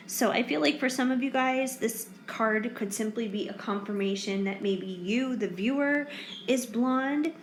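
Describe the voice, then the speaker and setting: A woman's voice: medium pitch, slight background noise. A woman giving a casual pick-a-card tarot reading, chatty and reassuring with lots of fillers, sounding tired late in the day. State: tired, yawning. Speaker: tarot reader. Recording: echoey room with faint ambience.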